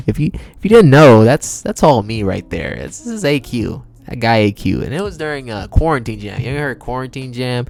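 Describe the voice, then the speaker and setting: In a mid-range, sing-song voice with vocal fry and a darkish tone, a singer hosts his own podcast as a casual solo monologue at normal speed. He keeps it relaxed and chatty, using slang and laughing often.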